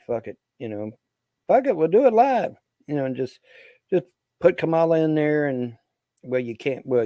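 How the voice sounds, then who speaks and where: A man with a mellow, mid-range voice and no echo rants to camera as a vlogger. It's a rambling political rant where he swears, repeats himself and poses rhetorical questions to his viewers.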